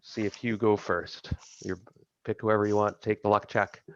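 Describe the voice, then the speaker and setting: A man's voice: fairly low pitch, flat delivery, moderate pace, lo-fi sound, slight background noise. A man casually running a tabletop game as game master, thinking aloud and laughing along with his players.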